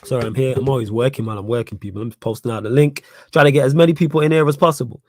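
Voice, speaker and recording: A young fan channel host from Manchester, England, talks very fast in a darkish, mid-range voice with no echo, his Manchester accent strong. On his live fan Q&A stream he's blunt and repetitive, getting heated as he argues.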